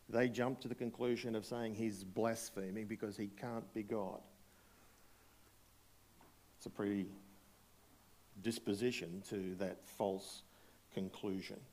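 A man delivering a sermon in a fairly low voice. He preaches emphatically, throws rhetorical questions at the congregation and calls for a show of hands. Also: darkish tone. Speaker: pastor. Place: church hall before a congregation.

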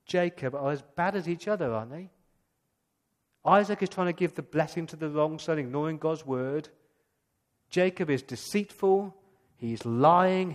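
Brief: male pastor, animated storyteller, slightly high voice, long church reverb. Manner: lively storytelling, acting out scenes. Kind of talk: sermon.

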